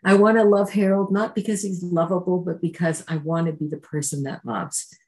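Low-voiced woman sharing her recovery story. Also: steady tone, moderate pace, a little mellow, rough recording. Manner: earnest, conversational storytelling that acts out quoted exchanges. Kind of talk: personal testimony at a recovery meeting.

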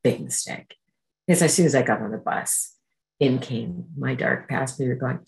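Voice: mid-range voice, moderate pace, creaky, poor audio. A speaker from Canada gives an emotional personal testimony at a recovery meeting, acting out remembered voices while telling the story.

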